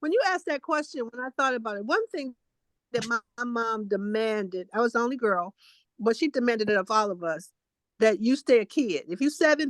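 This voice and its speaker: A woman co-hosting a casual chat, telling childhood stories in a talkative way with animated quotes. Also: a little high, no room sound. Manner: chatty storytelling, animated quoting. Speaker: co-host.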